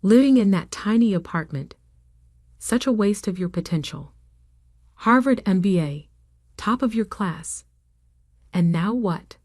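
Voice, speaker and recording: A woman's voice: mid-range voice, expressive, a little slow, long pauses, a little mellow, dry recording, studio quality. A woman reading the part of a critical mother who nags her grown daughter. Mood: scolding. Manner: critical, nagging.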